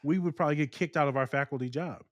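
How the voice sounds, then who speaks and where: A man co-hosting a podcast, talking casually and telling stories in long, animated rants. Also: on the high side, very fast, dry recording. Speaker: podcast co-host.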